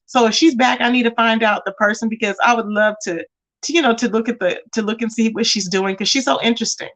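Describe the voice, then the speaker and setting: A chatty woman with a fairly high voice talks casually to her livestream viewers. She reads out comments and keeps calling them y'all and baby in an animated, conversational way. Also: fast talker.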